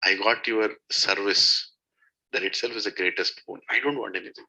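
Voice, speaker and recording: A man's voice: on the low side, fairly even intonation, normal speed, full character voice. A man quoting a humble monkey-god devotee. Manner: humble, soft-spoken. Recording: dull lo-fi recording.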